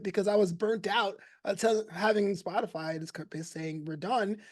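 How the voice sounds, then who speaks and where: A man in his thirties with a notably high voice, chatting casually as a podcast guest. He tells stories with lively energy, laughs often, and quickly acts out what other people said. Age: 30s. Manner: animated storyteller, laughs often, acts out quotes.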